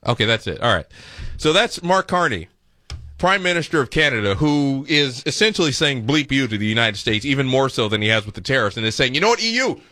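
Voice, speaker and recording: A male radio host riffs sarcastically over news clips, his pitch swinging up and down in an animated way. His tone is bright and forceful. He speaks in a dry studio with little room sound. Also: a little fast, dry recording. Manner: sarcastic, interrupts the clips with quips. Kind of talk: comic commentary over played clips.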